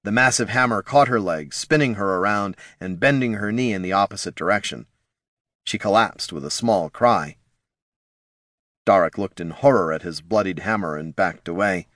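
Low-voiced male audiobook narrator. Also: a bit bright, no room sound, studio quality. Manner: measured, dramatic storytelling. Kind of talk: scripted fantasy narration.

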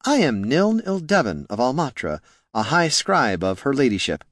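A man voicing a soft-spoken, gentle young male scribe in a fantasy audiobook. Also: medium pitch, sing-song, normal speed, dry recording, studio quality, pitched above the performer's own voice. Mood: mild. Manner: soft, mild.

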